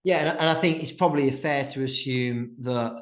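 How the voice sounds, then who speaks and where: A man's voice: mid-range voice, normal speed. A man hosting a podcast interview, thoughtfully framing questions for his listeners. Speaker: podcast host. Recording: roomy echo.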